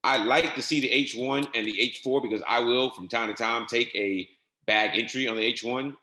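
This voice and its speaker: A man walking viewers through trading software settings step by step in a casual, repetitive way. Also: mid-range voice, normal speed, echoey room. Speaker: trading instructor. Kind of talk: screen-share software tutorial.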